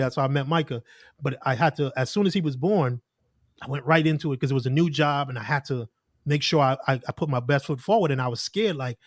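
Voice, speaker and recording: A man's voice: on the high side, dry recording, studio quality. A man, a podcast guest telling stories in earnest, casual conversation. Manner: earnest storytelling with lots of "like" and quoted asides.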